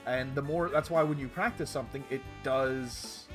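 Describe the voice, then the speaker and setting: A man's voice: mid-range voice, normal speed, faint music behind. A man playing a visual novel, reading the story aloud, voicing its characters and chatting about it between lines. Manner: animated, switches between character voices. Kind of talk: reading a game aloud with commentary.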